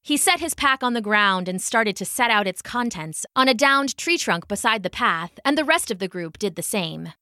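A woman narrating a fantasy storybook in an expressive, lively way. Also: medium pitch, moderate pace, few pauses, dry recording, studio quality.

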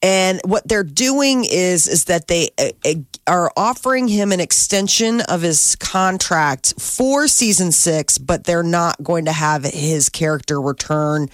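A woman co-hosting a radio show, delivering entertainment news in a halting, filler-heavy way. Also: on the low side, dry recording, studio quality. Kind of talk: casual entertainment news chat.

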